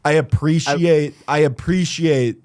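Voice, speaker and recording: A man co-hosting a comedy podcast, talking in a relaxed, rambling way with many restarts and fillers. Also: a little high, a little slow. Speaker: podcast co-host. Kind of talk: casual chat.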